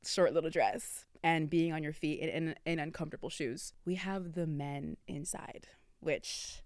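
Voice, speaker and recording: Animated young woman telling a story. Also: clear, resonant tone, dry recording, studio quality. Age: early 20s. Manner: animated, dramatic swings in pitch and volume; chatty, addresses listeners as y'all. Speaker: podcast host. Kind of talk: casual storytelling.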